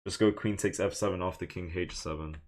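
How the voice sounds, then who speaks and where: Young man streaming chess, low voice. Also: fairly even intonation, brisk. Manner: muttering his moves, then bursts into loud frustrated exclamations. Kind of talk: live commentary while playing online chess.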